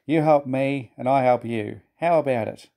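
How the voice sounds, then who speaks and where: A proud, pompous big express engine holds forth grandly and gruffly, as a man reading aloud plays him. The voice stays mellow and dark for a storybook. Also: medium pitch, normal speed, natural voice.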